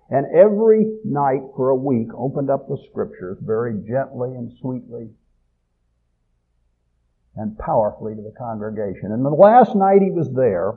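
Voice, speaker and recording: A man preaching a sermon, swelling loud on key phrases and dropping low at the ends. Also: husky. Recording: tinny phone-like audio.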